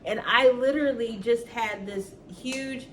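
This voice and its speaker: A woman's voice: on the high side, measured pace, far from the mic, slight background noise. A woman talking earnestly and emotionally to her viewers about faith in a personal vlog at home. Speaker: vlogger. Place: at home indoors.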